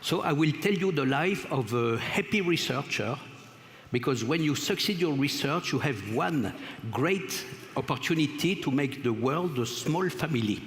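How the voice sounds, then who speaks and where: A man with a French accent giving a conference lecture, speaking haltingly with many pauses and fillers. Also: fairly high pitch, lively intonation. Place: large lecture hall. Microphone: stage microphone. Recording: echoey lecture hall with long reverb.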